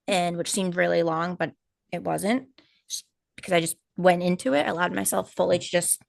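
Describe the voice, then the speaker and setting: A woman co-hosting a live stream, telling a personal story in casual chat, animated and full of fillers and quoted asides. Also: lowish voice, normal speed, gravelly, no room sound, clean studio sound. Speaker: co-host of a spiritual healing live stream.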